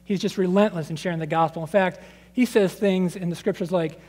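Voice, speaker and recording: A man in his thirties preaching a sermon, conversational and animated, acting out scripture quotes and his children's voices. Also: high-pitched, fairly quick. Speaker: pastor. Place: church sanctuary. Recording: long reverb of a church sanctuary.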